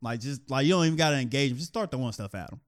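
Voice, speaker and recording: A man talks in loose podcast chat, animated and prone to restarting and repeating phrases. His pitch sits in the middle for a man. The recording is dry, with no room sound around him. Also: racing, no room sound. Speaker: podcast co-host.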